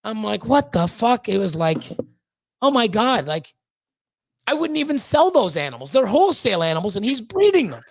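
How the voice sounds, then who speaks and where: In a creaky voice that sits high and swings widely in pitch, a man talks at a moderate pace with no room sound. A snake breeder on a podcast, he rants candidly and profanely, repeating words as his temper rises.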